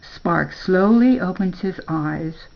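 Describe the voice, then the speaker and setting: Slow gravelly older woman reading a story. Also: on the low side, lo-fi sound. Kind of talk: reading a children's story aloud.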